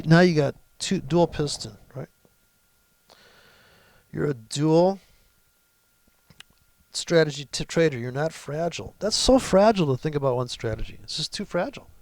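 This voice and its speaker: Brash, swearing man with a gravelly voice. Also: on the high side, no echo. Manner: brash, swearing, mocking, ranting. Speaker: trading video host. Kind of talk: profane ranting screen-share commentary.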